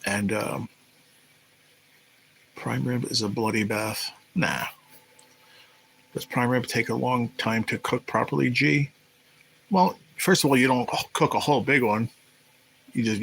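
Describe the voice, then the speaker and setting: Reading viewer chat out loud, a man hosts a live stream and tells rambling, profane tales from his time as a restaurant cook. His medium-pitched voice has vocal fry and is a bit bright. The recording is low-quality, with slight background noise.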